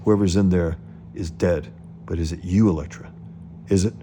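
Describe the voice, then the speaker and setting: A man's voice: low voice, fairly even intonation, normal speed, warm tone, slight background noise, natural voice. A man reading aloud as a grief-stricken male hero who is obsessed and brooding. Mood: obsessive. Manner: intense, brooding.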